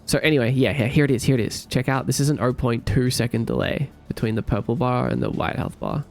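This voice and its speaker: Male streamer, fry in the voice, drowsy and rambling as he codes and chats with viewers. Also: mid-range voice, quick pace, faint music behind. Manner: relaxed, rambling, thinks aloud, hums to himself. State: sleepy. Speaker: streamer coding a game. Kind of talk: casual live-stream chat while coding.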